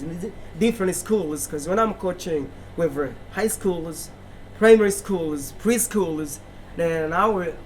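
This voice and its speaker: A man's voice: high voice, a little mellow, slight background noise. A young Burundian man, an English teacher, answering interview questions with enthusiasm and emphatic demonstrations of pronunciation.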